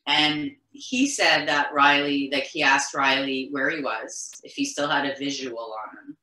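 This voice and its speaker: Low-voiced earnest middle-aged woman, echoey room. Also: steady tone, unhurried, sharp tone. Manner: earnest, insistent, circling back with restarts. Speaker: interview guest, mother of the deceased. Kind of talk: emotional recounting in conversation.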